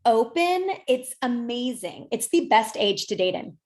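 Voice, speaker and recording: A woman's voice: fairly high pitch, normal speed. A woman dating coach chatting on a podcast, talking freely with many fillers. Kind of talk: casual podcast chat.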